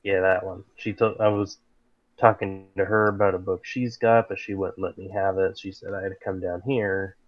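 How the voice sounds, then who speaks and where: A man's voice: sits low, flat delivery, normal speed, dull audio. A man playing in a tabletop role-playing game, talking casually and eagerly to the game master. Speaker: player.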